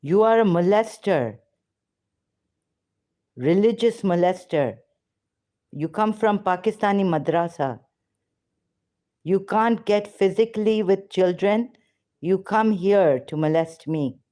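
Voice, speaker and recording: Slow, accusatory woman arguing heatedly. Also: mid-range voice, lively intonation, dark tone. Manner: confrontational, accusatory. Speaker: ex-Muslim debater on a call. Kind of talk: heated argument.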